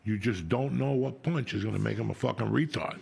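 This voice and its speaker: A man's voice: medium pitch, brisk, vocal fry, darkish tone, husky. A middle-aged man from New Jersey hosting a podcast, telling rambling, profane stories in casual chat. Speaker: podcast host.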